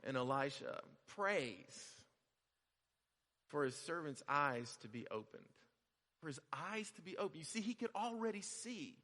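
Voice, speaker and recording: A male pastor giving a conversational sermon, repeating phrases and building to loud emphasis. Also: a little high, sing-song, unhurried, long reverb tail.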